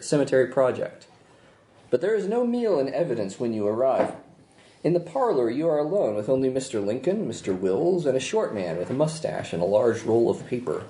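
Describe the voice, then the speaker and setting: A man narrating as game master, telling the story with lively delivery and hesitant asides. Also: medium pitch. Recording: echoey room, faint noise.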